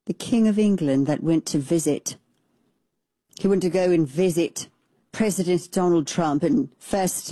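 A woman's voice: fairly low pitch, mellow, slightly rough, no echo. A middle-aged woman hosting casual political commentary, chatty and opinionated, with frequent restarts and asides.

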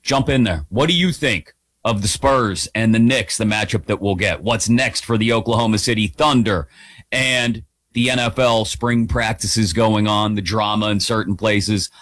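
Energetic male sports radio host. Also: fairly low pitch, moderate pace, no echo, clean studio sound. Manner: energetic, playful. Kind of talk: radio show opening. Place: radio studio.

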